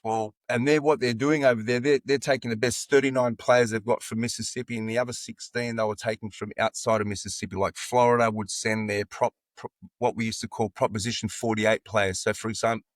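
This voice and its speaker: A mid-range voice with no room sound belongs to a football coach in his sixties with an Australian accent, a guest on a podcast. In this casual interview he tells long personal stories with animated energy, acting out the dialogue of others.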